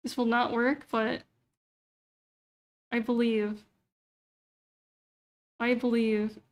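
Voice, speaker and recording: A young woman with a high voice talks loosely on a livestream. She mutters to herself as she clicks through a website and swears freely. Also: little pitch movement, extremely slow. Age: young adult. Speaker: VTuber streamer. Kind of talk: casual livestream chat.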